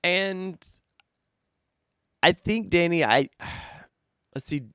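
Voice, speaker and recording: A man hosting a casual live-stream car chat, talking loosely and excitably, jumping from loud bursts to mutters. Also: high-pitched, extremely slow, clean tone, dry recording, clean studio sound. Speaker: host.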